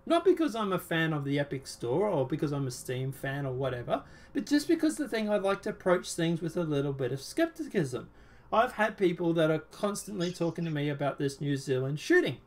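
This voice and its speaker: A man's voice: on the high side, very animated, fairly quick. A man hosting a casual political chat show, talking in a rambling, sarcastic, emphatic way. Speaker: show host.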